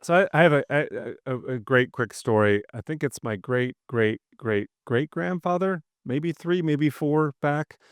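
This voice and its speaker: A man from Wisconsin with a Midwestern accent, talking casually as a podcast co-host. His voice sits low and sounds smooth and resonant, and the recording is dry and close. He tells his stories with eager enthusiasm. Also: dry recording. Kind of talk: casual chat.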